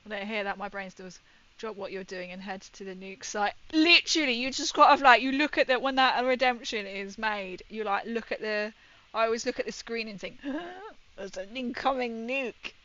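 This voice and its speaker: A woman's voice: medium pitch, fairly even intonation, brisk, pushed and bright, lo-fi sound. A woman with a northern English accent chatting playfully with her stream while painting, laughing often. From northern England. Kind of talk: casual livestream chat while painting. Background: faint music.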